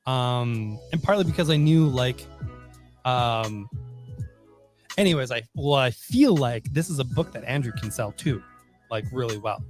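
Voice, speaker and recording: A man co-hosting a casual podcast about comics, rambling with lots of fillers and frequent laughter. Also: medium pitch. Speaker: podcast co-host.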